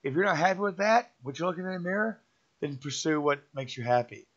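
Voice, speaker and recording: A man's voice: on the high side, expressive, fast talker, fairly bright tone. Middle-aged guy, motivational rant, repetitive and preachy, muffled lo-fi recording. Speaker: vlogger giving a motivational talk. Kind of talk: rambling motivational monologue. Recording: dull lo-fi sound.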